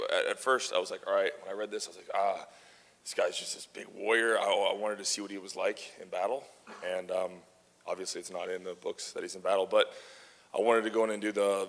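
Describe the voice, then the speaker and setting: Man with bright, reverberant panel voice. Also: on the low side. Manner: animated, laughing, swearing freely. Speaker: actor on a fan convention panel. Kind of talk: casual panel storytelling. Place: large convention hall. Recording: reverberant hall, faint noise.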